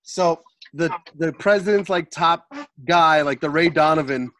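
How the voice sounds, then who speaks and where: A man's voice: fairly high pitch, measured pace, fairly bright tone, no room sound. A man in a casual chat, retelling a scene in a rambling way with many fillers.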